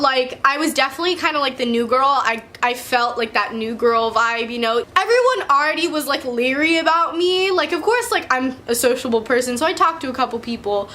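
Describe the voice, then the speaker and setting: Chatty bright-voiced young woman. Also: high voice, a little hiss or hum. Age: young adult. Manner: chatty and profane, full of "like" and "you know"; laughs often while talking. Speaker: vlogger. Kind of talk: casual storytime chat.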